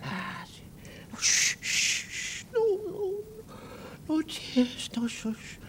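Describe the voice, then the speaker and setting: Old man playing a frantic young mother hushing her baby. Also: sing-song, extremely slow, slight background noise, heavily acted. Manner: pleading, hushed then shrill.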